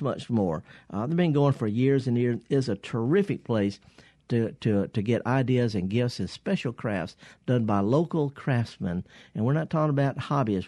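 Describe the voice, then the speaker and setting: A man's voice: medium pitch, darkish tone, dry recording, studio quality. A man hosting a call-in garden radio show, talking in a rambling, folksy way with many restarts. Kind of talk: casual call-in radio chat. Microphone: studio microphone.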